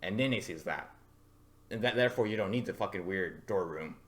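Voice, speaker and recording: A man's voice: low-pitched, brisk, a bit bright. A man co-hosting a casual anime podcast, blunt and profane, often breaking into laughter. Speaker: podcast co-host. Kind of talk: casual chat about anime.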